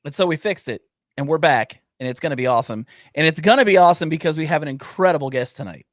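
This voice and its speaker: A man co-hosting a casual podcast, upbeat and rambling as he talks up his guest. His voice sits a bit high for a man. The sound is close and dry, with no room around it. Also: fast talker, no room sound. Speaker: podcast co-host. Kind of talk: casual livestream podcast chat.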